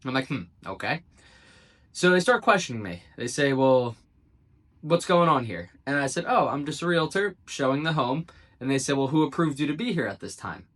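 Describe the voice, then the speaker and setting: A man's voice: on the high side, animated, brisk, a bit bright. A man, a real estate agent, casually tells a story to camera. He acts out the quoted dialogue and drops dry, sarcastic asides. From South Jersey, United States.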